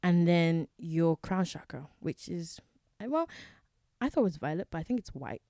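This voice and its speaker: Low-voiced chatty woman podcaster. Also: very animated, normal speed, mellow, no room sound, studio quality. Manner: chatty, self-correcting, many fillers. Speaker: podcast host. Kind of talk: casual solo podcast talk on wellness.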